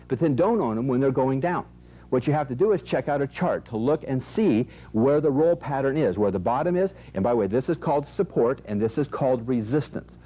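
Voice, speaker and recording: A man's voice: mid-range voice, warm tone, breathy edge. A middle-aged man presenting an investment seminar, emphatic and repetitive, asking the audience rhetorical questions. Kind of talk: recorded seminar talk. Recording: dull lo-fi VHS audio.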